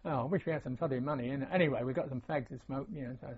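A man's voice: medium pitch, very fast, darkish tone, slight background noise. An older man, a veteran recalling his service in a rambling, meandering oral-history interview. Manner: rambling, with many fillers and restarts. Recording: dull lo-fi recording.

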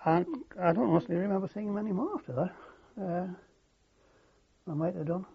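An older man talks through his memories in a halting, reflective way, full of restarts. His voice sits a little high, with a gravelly, husky edge. The recording is dull and lo-fi. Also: fairly even intonation. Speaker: war veteran interviewee. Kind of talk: oral history interview.

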